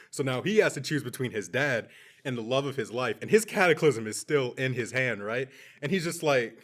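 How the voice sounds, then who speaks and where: A male podcast host chats casually and retells a story with a lively, swooping voice that rises and falls. His pitch sits in the middle of the range. He slips into quick put-on voices for the people he quotes. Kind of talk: casual chat.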